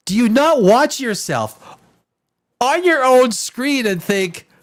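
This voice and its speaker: A man's voice: extremely high pitch, lively intonation, slow pace. A man hosting a live stream in casual chat, rambling and profane, with many restarts. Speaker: live show host.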